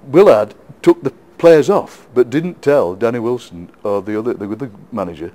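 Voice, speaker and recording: A middle-aged man with a broad Yorkshire accent tells animated stories in a relaxed interview. He laughs often and doubles back on his words mid-sentence. His voice sits at an ordinary pitch. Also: fairly quick, hardly any pauses. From England. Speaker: interview guest, poet. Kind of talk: casual storytelling interview.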